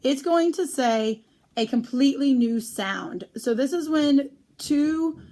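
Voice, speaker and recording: A woman teaching a phonics lesson on syllable types, speaking clearly and drawing out the example words slowly. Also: sits high, animated, warm tone.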